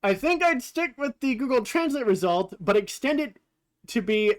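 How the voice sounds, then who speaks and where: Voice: medium pitch, expressive, normal speed. A streamer casually commenting over gameplay while comparing translations, thinking aloud with fillers and the odd swear word.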